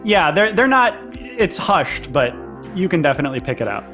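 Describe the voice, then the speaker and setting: Brief: game master, man, chatty narrator, slightly high voice, soft music underneath. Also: sing-song, normal speed. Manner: chatty, lots of fillers and laughs. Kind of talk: narrating a tabletop role-play game.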